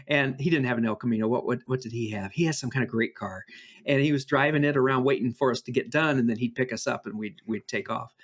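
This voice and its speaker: A man co-hosting a podcast who tells stories in a casual, animated way, with frequent fillers and restarts. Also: mid-range voice, quick pace. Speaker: podcast co-host. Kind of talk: casual chat and storytelling.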